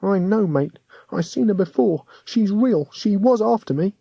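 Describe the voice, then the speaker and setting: An audiobook narrator, a man, voicing a plucky young working-class boy ghost with rough, earnest speech. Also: sits high, expressive, unhurried, warm tone, dry recording, pitched above the performer's own voice, full character voice.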